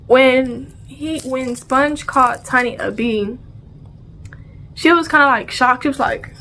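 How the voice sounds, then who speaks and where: Slight background noise sits under a woman's high-pitched, slow-paced storytime vlog. Animated and full of casual slang, she acts out sounds and dialogue and repeats phrases along the way.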